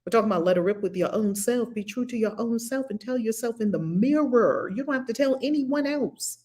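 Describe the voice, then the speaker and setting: A woman's voice: fairly high pitch, lively intonation, a little fast, a little mellow. A woman hosting a livestream spiritual study group, talking earnestly and reading viewer comments aloud. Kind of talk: livestream discussion.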